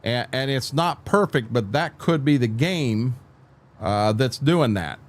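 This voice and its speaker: An older man giving casual commentary as a game streamer, halting and repeating words as he thinks. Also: medium pitch, lively intonation.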